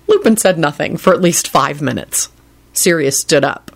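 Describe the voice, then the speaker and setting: Storybook reader, expressive narration, lively rises and falls, gravelly fry. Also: medium pitch, moderate pace. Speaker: audiobook reader. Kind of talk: fan fiction audiobook narration.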